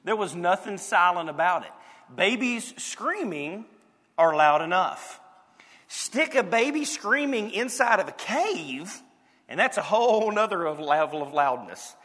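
A man with a Southern accent preaching a lively, playful sermon, dropping suddenly to quiet moments. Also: sits high, a little slow, in a large hall. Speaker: pastor.

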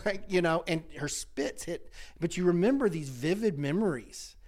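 A middle-aged man spins personal stories in a loose, chatty way, laughing often and cutting himself off mid-sentence. His voice sits a little higher than most men's. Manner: animated, laughs often, self-interrupting. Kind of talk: casual storytelling chat.

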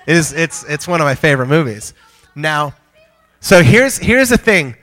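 A man with a fairly high voice delivers a sermon to a congregation in a church hall. He talks in a lively, conversational way and jokes with the listeners between his points. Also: a little fast, soft background music. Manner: joking with the congregation, energetic and conversational. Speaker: pastor.

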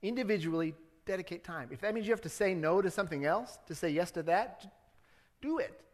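A man's voice: high-pitched, fast, long reverb tail. A man preaching a sermon as the church's pastor, talking casually with the congregation and building to fervent appeals. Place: church sanctuary.

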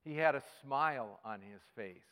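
A male pastor giving a sermon, telling a story with sudden swings between loud and hushed delivery. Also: mid-range voice, animated, normal speed. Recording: long hall reverb.

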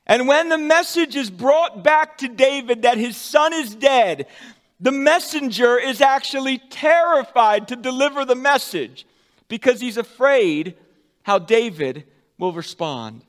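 A pastor preaching a sermon, with dramatic swings from loud emphatic peaks to hushed, soft endings. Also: male voice, very high-pitched, lively intonation, a little slow, long reverb tail.

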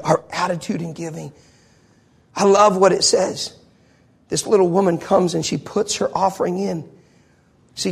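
A man with a husky, slightly raised voice preaches a sermon in church. He talks fervently and keeps putting rhetorical questions to his congregation. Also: fairly high pitch. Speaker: pastor.

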